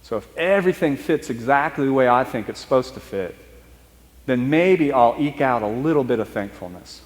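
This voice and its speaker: A man preaching a storytelling sermon, talking in a conversational, halting way and slowing down for emphasis. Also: mid-range voice, animated, big-room sound. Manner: conversational, halting restarts, speeds up and slows for emphasis. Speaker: priest. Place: church.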